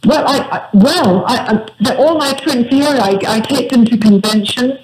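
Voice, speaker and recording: A woman's voice: fairly high pitch, moderate pace, a crowd in the background, poor audio. An older British woman from England, a radio guest who talks graciously and laughs often. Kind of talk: phone interview on a radio show.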